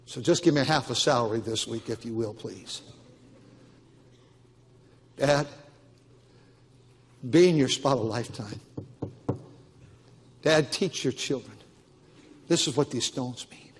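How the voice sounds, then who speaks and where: A man's voice: mid-range voice, animated, unhurried, pauses often, slightly rough. An older man preaching a Baptist sermon as pastor, with emphatic, repetitive exhortation. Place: church auditorium. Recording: long church-hall reverb.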